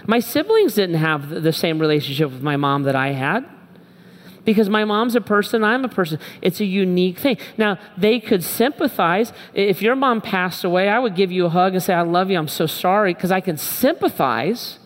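A middle-aged pastor giving a sermon, speaking candidly and emphatically and repeating short phrases. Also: male voice, high voice, lively intonation, normal speed. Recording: long reverb from a large hall.

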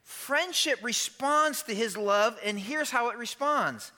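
A man preaching a sermon as a pastor, emphatic and animated, acting out quoted lines and tossing asides to the congregation. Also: very high voice, slow pace. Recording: long hall reverb.

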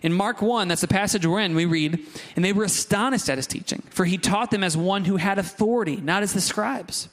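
Animated preacher, fairly high voice. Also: male voice, a little fast. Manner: animated, conversational preaching with asides to the congregation. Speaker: pastor. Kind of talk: sermon.

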